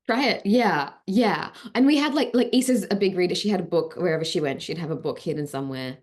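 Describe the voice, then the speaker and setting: Young Australian woman, actor guest in an interview, talkative storyteller, asides strung together with "like.". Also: on the low side. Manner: chatty, animated storyteller, quick asides with "like". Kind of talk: casual interview chat.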